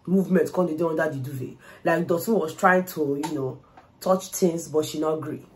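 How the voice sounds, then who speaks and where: A young woman with a Nigerian accent and a low voice gives an animated, casual commentary recapping a reality show at normal speed. She moves freely between English and Pidgin and acts out what people said, with slight background noise in the recording.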